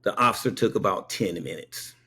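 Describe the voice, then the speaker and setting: A man's voice: deep voice, expressive, brisk, sharp tone, slightly rough. A man who works as a paramedic telling a personal anecdote, emphatic and punctuating his points with rhetorical checks on the listener. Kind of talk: spoken anecdote.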